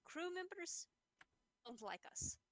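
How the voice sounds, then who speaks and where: A woman talking casually as a player in a tabletop role-playing game, thinking out loud with some hesitation. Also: very high voice, big pitch swings, slow pace, a little hiss or hum, low-quality recording.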